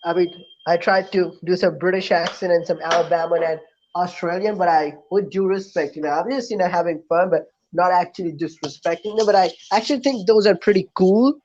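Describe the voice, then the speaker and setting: A man's voice: high voice, a little fast, a little mellow. A man co-hosting a casual online podcast, speaking in a friendly, explaining way with hesitant fillers. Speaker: podcast co-host. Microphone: online call with connection trouble. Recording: dull lo-fi call audio.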